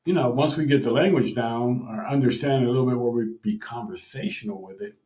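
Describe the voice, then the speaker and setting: A man from the United States co-hosting a casual chat, speaking in a relaxed, agreeable way. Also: medium pitch, brisk. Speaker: co-host. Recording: roomy echo.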